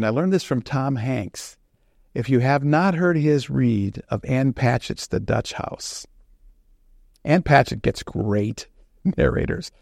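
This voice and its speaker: A man who writes fiction, giving an informal talk on the writing craft in an unhurried, conversational way. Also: mid-range voice, vocal fry, a little mellow, dry recording, studio quality. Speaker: fiction author.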